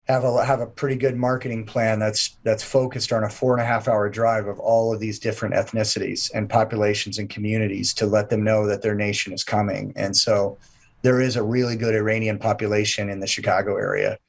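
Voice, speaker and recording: A man appears as an event promoter guest in a casual interview, talking enthusiastically in long run-on sentences. His creaky voice is on the low side, with a flat delivery and a slightly fast pace.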